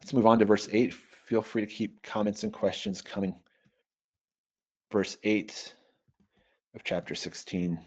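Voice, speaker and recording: A man leading an online teaching webinar, reading Greek slowly and working through its grammar aloud in a measured way. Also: lowish voice, fairly even intonation, darkish tone. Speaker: Bible software trainer. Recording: dull lo-fi webinar audio.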